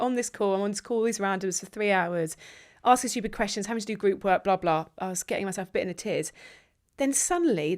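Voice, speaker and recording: A woman co-hosting a podcast, telling a story in an animated, chatty way. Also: medium pitch. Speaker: podcast co-host. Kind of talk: casual comedic chat.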